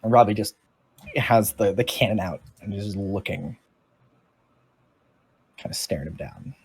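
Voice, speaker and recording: Husky, low-voiced man running the game. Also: unhurried. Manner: casual, loose narration with restarts. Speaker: game master. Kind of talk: narrating a tabletop game.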